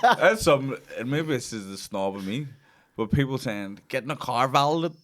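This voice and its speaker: Man, mid-pitched banter. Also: sing-song, moderate pace. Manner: banter, teasing. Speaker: podcast guest. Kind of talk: casual comedy chat.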